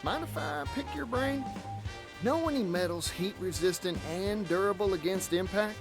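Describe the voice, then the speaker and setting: An actor voicing a cheerful, folksy traveling merchant with a Southern American accent in a video game. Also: male voice, sits high, animated, normal speed, music in the background. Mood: upbeat. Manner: folksy, eager and friendly. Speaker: game character.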